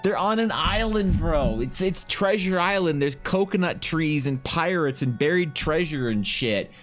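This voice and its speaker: A man's voice: a little high, lively intonation, a little slow, soft background music. A man streaming live, thinking aloud and answering his chat in a rambling, casual way.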